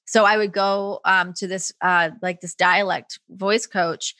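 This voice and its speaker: A young Canadian woman with a faint accent from Toronto talks casually in an interview, peppering her stories with "like" and frequent laughs. Her voice is bright and forward, recorded close and dry with no room sound. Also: medium pitch, fairly even intonation, measured pace, clean tone, no echo. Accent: faint Canadian, trained toward American. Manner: chatty, laughs often, lots of "like" fillers. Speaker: guest, broadcaster.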